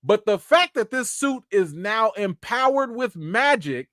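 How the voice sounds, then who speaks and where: Animated man hosting a casual live review. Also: sits high, unhurried, hardly any pauses, dry recording, studio quality. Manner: animated, talks straight to his viewers in slang. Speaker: TV series reviewer and live-chat host.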